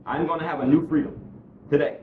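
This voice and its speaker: A man giving candid spoken testimony about his recovery, earnest and self-deprecating, dropping low and quiet, then climbing high and excited as he tells the story. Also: quick pace, roomy sound, distant mic, narrow, tinny audio, slight background noise. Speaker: guest speaker sharing his recovery story.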